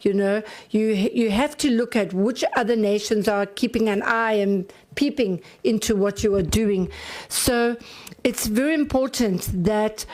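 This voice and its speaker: A woman's voice: mid-range voice, measured pace, a little mellow. Hesitant woman questioning. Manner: meandering, hesitant, with many fillers. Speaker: member of parliament. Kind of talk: committee questioning.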